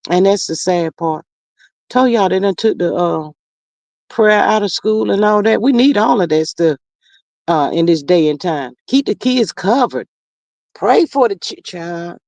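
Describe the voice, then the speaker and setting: A woman running a live stream reads out viewers' comments in a folksy, sighing manner, addressing them as "child" and "y'all." Her medium-pitched voice is animated and darkish, unhurried, captured through a streaming mic as dry, dull lo-fi audio with no room sound.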